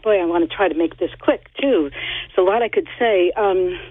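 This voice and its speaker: A woman's voice: fairly low pitch, moderate pace, slight background noise. Eager woman caller on a tinny line. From Northern California. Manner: eager, chatty, laughs between points. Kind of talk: talk radio call-in.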